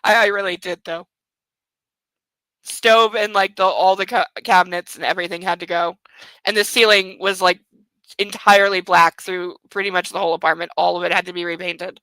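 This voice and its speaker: A woman's voice: fairly low pitch, steady tone, brisk, bright, forceful tone, dry recording, rough recording. A woman reading a novel aloud for a comic book club, breaking off into sarcastic, profane commentary.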